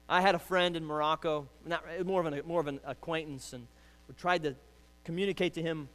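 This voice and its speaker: A man preaching a sermon as pastor, emphatic, swinging from hushed lines to loud ones. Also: a little high, big-room sound.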